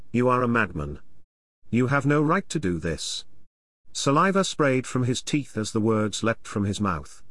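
A man reads an audiobook with measured, dramatic pacing. His voice sits at an ordinary middle pitch. The sound is close and dry, with no room around it. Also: fairly bright tone, dry recording. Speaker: audiobook narrator. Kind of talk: scripted narration.

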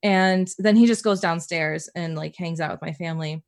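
A young woman co-hosting a casual podcast, telling stories in a lively way and acting out what others said. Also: fairly low pitch, moderate pace. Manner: animated storyteller, acts out quotes, swears casually. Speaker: podcast co-host. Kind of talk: casual chat.

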